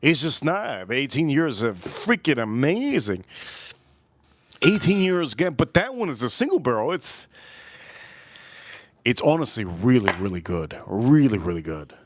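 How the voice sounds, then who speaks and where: A man's voice: medium pitch, wildly swooping pitch, a little slow, long pauses. A man hosting a casual whiskey livestream, rambling and repeating himself with joking asides to his chat. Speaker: livestream host reviewing whiskey.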